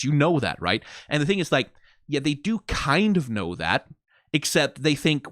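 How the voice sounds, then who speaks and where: A man giving casual, profane commentary as a video reviewer, animated and prone to mocking impressions. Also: a little high, normal speed, dry recording, clean studio sound.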